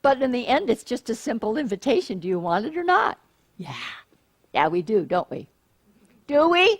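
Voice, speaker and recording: A middle-aged woman minister giving a sermon, playful and animated, often asking the congregation questions. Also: mid-range voice, brisk, breathy edge.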